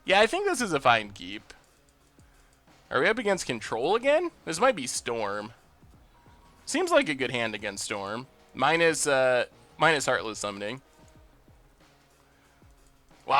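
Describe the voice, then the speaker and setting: Excitable guy streaming a card game, voice swoops all over, dry close sound, faint music behind. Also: mid-range voice, no room sound. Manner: excitable, bursts into loud cheering; chatty, thinks out loud about plays. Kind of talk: live gameplay commentary.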